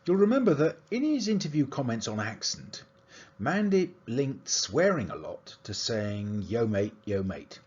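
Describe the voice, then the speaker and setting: Husky lecturer with a lively, rising voice. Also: male voice, mid-range voice, measured pace, muffled recording. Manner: explanatory, analytical delivery with lively intonation. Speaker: university lecturer. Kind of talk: academic lecture.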